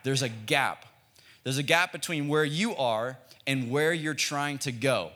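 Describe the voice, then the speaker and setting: Young American pastor, bright, lively tone, easygoing and jokey, pulls the congregation in to answer back. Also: male voice, medium pitch, measured pace. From United States. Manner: casual, joking, calls for congregation responses. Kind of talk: sermon.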